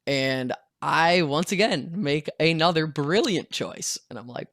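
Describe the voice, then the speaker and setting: A man's voice: on the high side, takes it slowly, hardly any pauses, fairly bright tone, no room sound, clean studio sound. A young man telling a story in a casual storytime vlog, acting out what people said. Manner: casual storytelling, acts out quotes. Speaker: vlogger.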